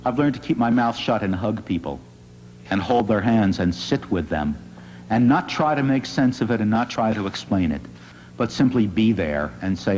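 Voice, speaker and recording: A man, a rabbi, giving an inspirational public talk in an earnest, gently wry storytelling manner. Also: fairly low pitch, expressive, normal speed, a little hiss or hum. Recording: dull lo-fi recording in a reverberant hall.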